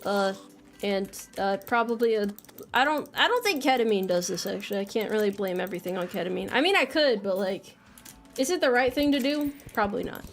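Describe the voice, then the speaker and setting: A woman's voice: mid-range voice, animated, fairly quick, a little hiss or hum. A young American woman streaming a game, chatting casually and playfully, reading chat messages aloud and joking about herself. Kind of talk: casual live-stream chat while gaming.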